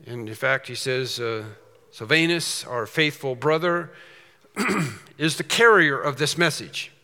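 A man preaching an expository sermon, emphatic, slowing down and repeating phrases for stress. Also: medium pitch, expressive, bright, forceful tone. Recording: long hall reverb.

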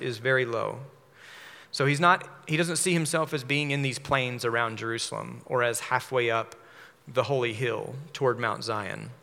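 A man preaching a measured sermon, explaining a psalm verse by verse. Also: medium pitch, creaky, bright, forceful tone. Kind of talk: expository sermon. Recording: long hall reverb.

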